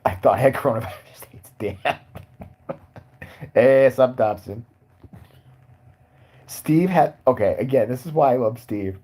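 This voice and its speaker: A man's voice: mid-range voice, animated, a little slow, pauses often, mellow. A man chatting casually on a livestream, crude and joking as he reacts to the chat. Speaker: live streamer.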